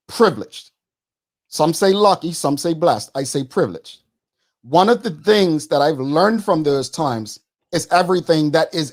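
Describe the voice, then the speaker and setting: A man, co-hosting a studio talk show and arguing his point quickly and emphatically, repeating words. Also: a little high. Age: 40s. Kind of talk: studio debate.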